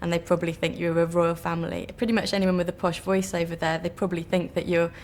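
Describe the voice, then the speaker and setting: Wry fast-talking woman. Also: fairly low pitch, little pitch movement, darkish tone, slight background noise. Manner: wry, joking. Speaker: interviewee.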